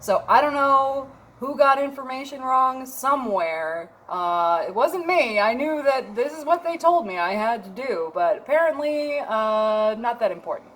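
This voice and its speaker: A woman's voice: sits high, lively intonation, unhurried, few pauses, fairly bright tone. Wry self-mocking woman telling a story. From Minnesota. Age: 30s. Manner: wry, self-mocking, swears freely, laughs often. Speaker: vlogger. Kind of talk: casual storytelling vlog.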